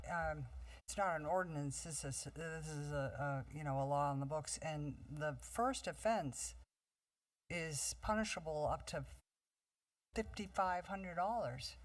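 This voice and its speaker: A woman's voice: deep voice, dry recording, far from the mic, rough recording. A woman speaking as a town councilor at a meeting, asking questions hesitantly.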